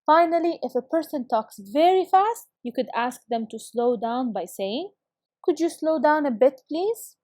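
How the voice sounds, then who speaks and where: Upbeat woman teacher with a high voice, full of praise, spells out phrases slowly for young learners; dry, close recording. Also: lively intonation, darkish tone, dry recording. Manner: encouraging, praises students often; slow, careful reading of model phrases. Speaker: English teacher. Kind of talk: recorded video lesson for schoolchildren.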